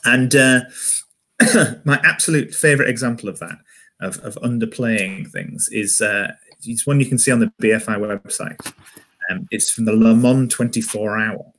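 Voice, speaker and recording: A man's voice: medium pitch, moderate pace, fairly bright tone. A man with a Yorkshire accent doing a wry stand-up comedy set from home, often restarting his phrases.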